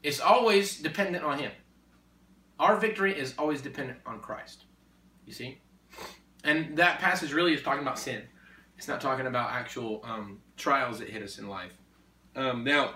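A man preaching in a conversation, emphatic and repetitive, building to forceful exhortation. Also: medium pitch. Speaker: Christian speaker. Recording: echoey room, distant mic.

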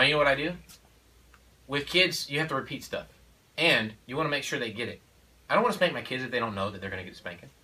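A mid-range voice, bright and forceful, belongs to a father of four discussing how he parents. In this casual conversation he's emphatic and preachy, with plenty of "you know" and "okay?". The recording is low quality, made with a distant mic.

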